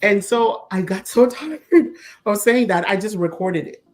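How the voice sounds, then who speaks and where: A woman co-hosting a casual talk show, telling stories with lively quoted voices and frequent laughs. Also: medium pitch, measured pace, slight background noise. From Zambia. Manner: animated storyteller, acts out quoted voices, laughs often. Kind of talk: casual chat.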